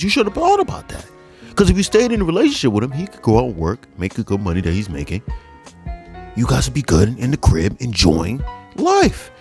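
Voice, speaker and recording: A male host giving slangy, animated reaction commentary, with frequent laughing asides. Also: high voice, a little fast, soft background music.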